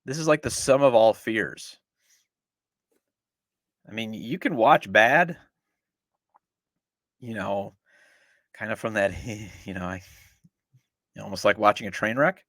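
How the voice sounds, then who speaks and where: A man's voice: lowish voice, animated, slow, pauses often, fairly bright tone, no echo, studio quality. A middle-aged man hosting a sports podcast, ranting with exasperated sarcasm about his team. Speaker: podcast host. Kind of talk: opinionated sports talk.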